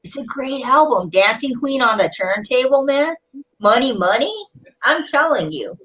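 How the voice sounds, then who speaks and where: A woman's voice: sits high, animated, normal speed, fairly bright tone, rough recording. A woman in a casual group chat with friends, chatty and enthusiastic.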